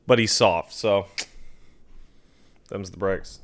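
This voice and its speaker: A man's voice: mid-range voice, measured pace, fairly bright tone, smooth. A man streaming from home on a desk mic, chatting casually to his cat with profane, mock-scolding banter. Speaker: game streamer. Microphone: desk mic on a stand.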